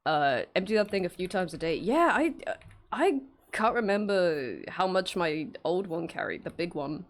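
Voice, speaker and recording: A woman's voice: fairly low pitch, big pitch swings, normal speed. A young woman streaming while she draws, chatting casually, giggling, swearing freely and answering her chat.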